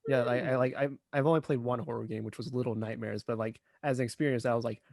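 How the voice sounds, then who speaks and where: Man, podcast co-host, casual chat, hesitant, mid pitch, dry close recording. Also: steady tone, fast, vocal fry, darkish tone, no echo.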